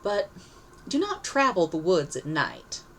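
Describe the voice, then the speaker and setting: A thoughtful old man offers careful advice in a measured voice. A woman puts him on in a storybook reading, lowering her tone slightly. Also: huge pitch swings, far from the mic, slight background noise. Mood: warning. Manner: measured, advising.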